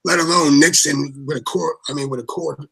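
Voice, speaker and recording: A man's voice: a little high, steady tone, a little fast, vocal fry, fairly bright tone, a little hiss or hum. A man co-hosting a podcast interview, agreeably chiming in with questions and asides. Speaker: co-host.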